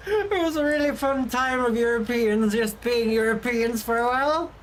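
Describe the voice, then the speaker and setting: A woman's voice: a little high, a little slow, a little hiss or hum, low-quality recording. A woman streaming from her desk, telling travel stories in a casual, chatty way and laughing often. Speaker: VTuber streamer. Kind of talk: casual stream chat, storytelling.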